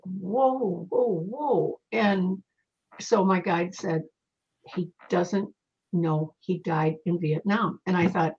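A woman guest speaking as a psychic, telling lively stories in casual conversation and acting out the voices in them. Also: lowish voice, slow, slightly rough. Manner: animated, quotes voices in her stories. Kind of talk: conversational storytelling. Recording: muffled lo-fi audio.

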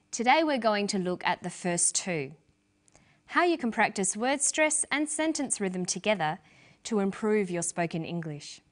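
A woman narrates an English lesson in a clear, measured teaching voice. Her delivery is scripted and careful, pitched at an everyday middle level.

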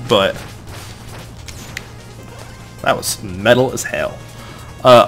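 An excitable young man rambles through casual gameplay commentary, his pitch swinging widely as he jokes at himself. Faint game music plays under his voice. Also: normal speed, pauses often. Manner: excitable, rambling, shouts in bursts of frustration. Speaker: let's play gamer.

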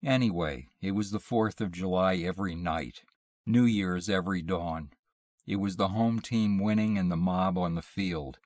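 A man reading a short story aloud in a measured, deliberate storytelling manner. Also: deep voice, darkish tone, no echo, studio quality. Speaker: audiobook reader.

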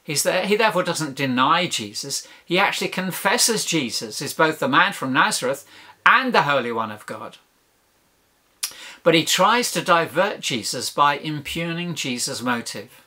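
Bright, emphatic male preacher. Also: on the high side, animated, normal speed, slightly rough. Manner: emphatic, rhetorical questions and lists. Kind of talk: sermon.

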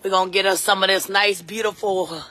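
A woman's voice: mid-range voice, steady tone, fairly quick, bright, forceful tone. A middle-aged woman, chatting casually to live-stream viewers and her kids outdoors on a phone. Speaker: vlogger and mom. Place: outdoors at a scenic waterfall spot.

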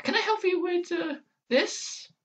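A man voicing a hyper, bubbly female pony with a squeaky, chirpy voice. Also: a little slow, a bit bright, recorded from a distance.

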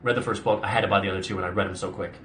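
This young actor's deep voice races along with fairly even intonation while background noise plays behind him. Hosting a casual live Q&A, he answers viewers chattily, rambling and restarting with many a "like."

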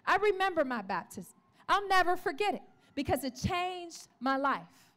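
A woman preaching a sermon testimony to a church, telling her story in an animated way and calling out to the congregation. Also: very high voice, moderate pace. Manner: calls out to the congregation.

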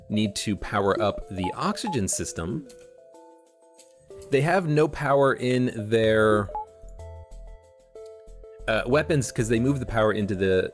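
A man giving casual let's play commentary, thinking aloud as he plays a strategy game at his desk mic. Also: lowish voice. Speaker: gameplay commentator.

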